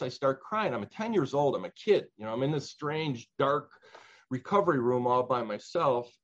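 Older man telling his life story, slightly muffled. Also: medium pitch. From Chicago. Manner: earnest, reflective, with many pauses and restarts. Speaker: interviewee. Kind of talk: personal storytelling interview. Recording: slightly dull lo-fi sound.

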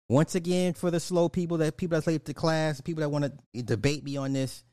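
A man's voice: fairly high pitch, a little fast, dark tone, dry recording, studio quality. Blunt profane man ranting. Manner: blunt, profane, repeats lines for emphasis. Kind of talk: casual commentary rant.

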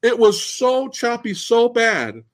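A man hosting a live-stream movie discussion who rants in an excitable, incredulous, profane way. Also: extremely high pitch, slow pace. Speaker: host.

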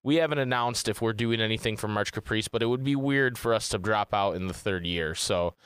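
A man's voice: on the low side, a little fast, fairly bright tone, clear, resonant tone, dry recording, clean studio sound. Laid-back rambling man podcasting. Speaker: podcast co-host. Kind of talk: casual podcast chat.

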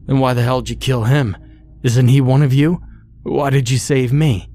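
A man's voice: lowish voice, a little slow, a little mellow. A man playing a terrified yet defiant old man who speaks in panicked demands in a horror story.

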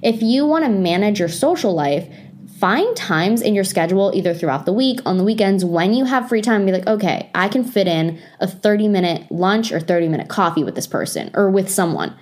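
A young woman chats straight to her viewers in an ordinary middle-pitched voice and gives relaxed lifestyle tips. Her talk is loose and conversational, full of "like" fillers and self-aware asides. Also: fairly quick. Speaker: lifestyle vlogger. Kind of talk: casual advice talk to camera.

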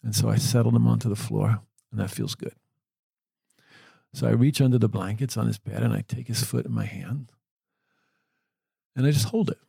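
A man who works with the dying, telling a story in a gentle, earnest way. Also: fairly low pitch, fairly even intonation, normal speed, vocal fry, pauses often, breathy edge, no echo. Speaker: end-of-life caregiver. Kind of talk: reflective storytelling.

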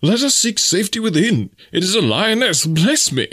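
A high, wildly swooping voice of a flustered, near-sighted old gentleman, as a storyteller puts him on. He yelps fussy formal exclamations, and the tone is slightly husky. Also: sing-song, normal speed, exaggerated voice. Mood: panicked.

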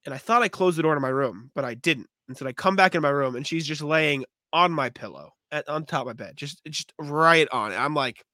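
Young man, sniffly, bright voice, slightly high, dry close sound, laughs a lot, casual sports podcast co-host. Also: normal speed, dry recording. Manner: laughs often, loose and joking. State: sniffly from allergies.

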